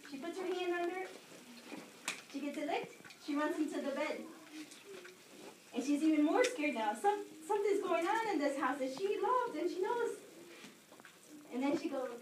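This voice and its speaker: A woman's voice: high-pitched, animated, moderate pace, pauses often. A woman telling a spooky story aloud at a library event, chatty and full of laughing asides to her listeners. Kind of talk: casual spooky storytelling to an audience. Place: public library event room. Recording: echoey room, distant mic, background noise.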